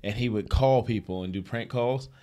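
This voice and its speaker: An animated male podcast co-host swaps stories in casual chat and laughs through his punchlines. His voice sits at an ordinary middle pitch, and his delivery is lively and expressive. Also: normal speed. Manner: animated storyteller, laughs often.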